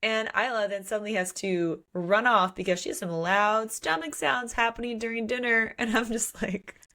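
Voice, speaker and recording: A woman co-hosting a podcast, recapping a novel in casual chat, animated, laughing often and acting out the characters' lines. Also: a little high, normal speed. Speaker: podcast co-host. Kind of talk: casual book discussion.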